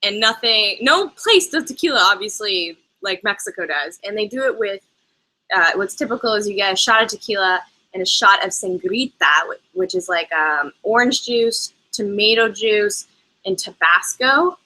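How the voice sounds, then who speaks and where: A woman's voice: mid-range voice, animated, moderate pace, sharp tone, rough recording. A woman hosting a casual live travel chat, bubbly and chatty, laughing often as she answers viewer questions. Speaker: travel vlogger host. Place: lives in Canada.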